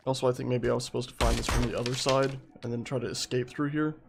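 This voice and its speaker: A man's voice: mid-range voice, flat delivery, fast talker, gravelly, few pauses. A man streaming a game, giving chatty, reactive commentary and swearing when startled. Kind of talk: gameplay commentary. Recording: noisy stream audio.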